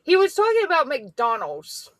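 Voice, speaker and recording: A woman's voice: sits high, huge pitch swings, normal speed, a bit bright, dry recording. A woman co-hosting a casual political talk show, laughing in disbelief as she talks. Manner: laughing, incredulous. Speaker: podcast co-host.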